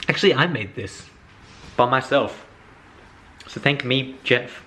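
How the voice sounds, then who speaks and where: A young man narrating a casual home cooking vlog in a chatty, excitable way, swearing freely. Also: medium pitch, a little slow, pauses often, slight background noise. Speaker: vlogger. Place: home kitchen.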